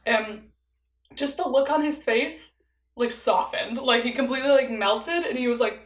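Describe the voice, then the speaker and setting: A woman's voice: high voice, moderate pace, fairly bright tone, echoey room, poor audio. A young woman telling a story in a casual vlog while eating, chatty and laughing often, leaning on "like" as filler. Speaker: vlogger.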